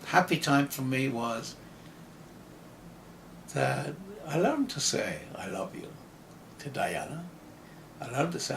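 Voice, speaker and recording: A little hiss or hum underlies the gravelly, medium-pitched voice of an older Irish writer and actor. Interviewed, he reflects in his Irish accent slowly and haltingly, often beginning his phrases again.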